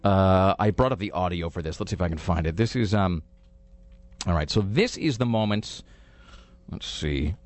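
A man's voice: low-pitched, moderate pace, dry recording. A man hosting a podcast, rambling sarcastically in casual chat about a TV show. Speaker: podcast host reviewing TV.

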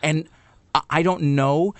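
A man's voice: fairly high pitch, steady tone, measured pace, fairly bright tone, no room sound. A man hosting a radio show, rambling through a story with lots of fillers in a casual banter style.

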